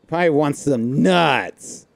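A man chatting casually and slangily while playing a video game, thinking out loud. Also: fairly high pitch, a little slow, creaky, dry recording. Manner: chatty, slangy, says dude and like a lot. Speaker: gamer playing on stream. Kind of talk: casual gameplay commentary. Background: faint game music.

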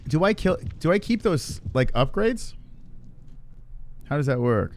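A man with a fairly high, very animated voice and a darkish tone streams a horror game live from the gaming computer in his home room, speaking at a measured pace over slight background noise. His live commentary is full of swearing, he startles easily, and he keeps mocking his own play.

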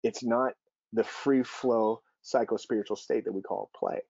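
Earnest male speaker, storytelling presenter, gravelly voice, dull dry lo-fi recording. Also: medium pitch, fairly even intonation, measured pace, darkish tone, dry recording. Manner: earnest, storytelling, acts out quoted dialogue. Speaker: speaker on youth sports and child development. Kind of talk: presentation with personal stories.

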